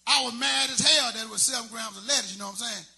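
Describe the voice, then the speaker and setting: A man's voice: very high-pitched, quick pace, vocal fry, pushed and bright. A man doing a stand-up comedy set, telling loose, rambling stories full of street slang.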